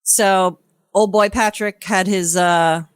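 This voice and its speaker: A woman co-host tells a reality-show recap in loose, profane, rambling chat. Her voice sits mid-range and sounds dry and close to the mic, with little room sound. She keeps breaking into quick impressions of the people she describes. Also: medium pitch, fairly even intonation, clear, resonant tone, dry recording. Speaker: podcast co-host.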